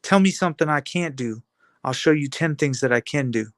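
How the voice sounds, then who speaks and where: A man's voice: on the high side, fairly quick, a bit bright, dry recording. A man giving a defiant, taunting monologue full of rhetorical questions and repeated phrases. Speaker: video blogger.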